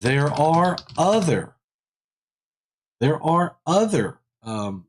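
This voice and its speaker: A man's voice: a little high, big pitch swings, extremely slow, slight background noise. A man hosting a live technical webinar in a casual way. He rambles, repeats phrases and laughs often. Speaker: livestream host.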